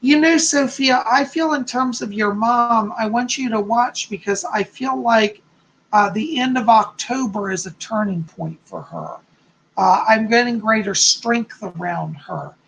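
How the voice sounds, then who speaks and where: A man with a gravelly, fry-edged voice hosts a live psychic reading stream. He reads out viewers' questions, then answers each one softly and reassuringly, in a conversational tone. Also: sits high, a little slow, low-quality recording. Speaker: psychic host.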